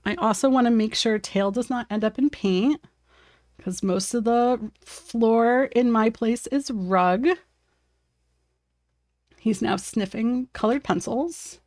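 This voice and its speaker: Slow-talking, high-voiced woman streamer. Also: darkish tone, dry recording, studio quality. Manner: chatty, talks to her cat and her viewers, laughs often. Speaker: art streamer. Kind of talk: casual live-stream chat while painting. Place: home desk.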